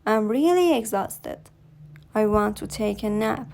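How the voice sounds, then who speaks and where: A woman reading a first-person horror story aloud in a calm, measured way. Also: medium pitch, vocal fry, a little hiss or hum.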